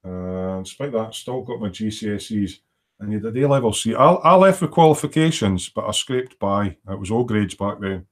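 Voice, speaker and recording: A man's voice: fairly low pitch, expressive, normal speed. A middle-aged man chatting casually and rambling as he hosts a livestream from his home workshop, reading out viewer comments as he works. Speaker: livestream host. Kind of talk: casual chat while working.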